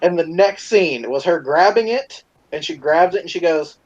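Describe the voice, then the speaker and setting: A man tells crude stories on a casual podcast, rambling, swearing freely and restarting his sentences over and over. His voice sits fairly high and swings widely in pitch. The recording sounds dull and lo-fi. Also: expressive, measured pace, hardly any pauses, darkish tone. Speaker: podcast co-host.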